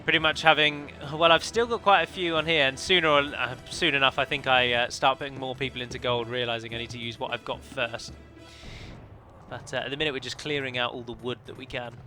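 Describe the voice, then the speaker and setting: Commentating on a multiplayer strategy game he's playing, a man analyzes and chats, often stopping to fix what he just said. Soft background music plays under his steady, mid-pitched voice, which is bright, forceful and a little fast.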